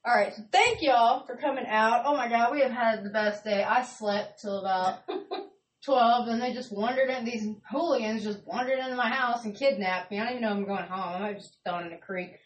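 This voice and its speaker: A woman telling stories in casual stand-up, loud and laughing, swearing freely. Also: fairly high pitch, brisk. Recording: echoey room from a distance.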